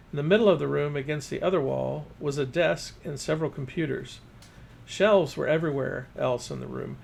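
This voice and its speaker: A man's voice: medium pitch, creaky, darkish tone, a little hiss or hum. A man reading his first-person fiction aloud as narrator.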